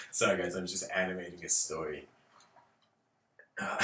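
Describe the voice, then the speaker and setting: A man's voice: low voice, flat delivery, unhurried, pauses often, far from the mic, background noise. A man giving an informal spiritual lecture, rambling, laughing often and using lots of fillers. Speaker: speaker. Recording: roomy echo.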